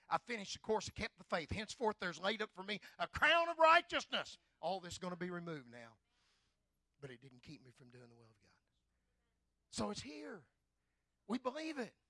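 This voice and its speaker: Fervent older male preacher, bright and dry. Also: fairly high pitch, no echo. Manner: fervent, swells loud on key phrases. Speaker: pastor. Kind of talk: sermon.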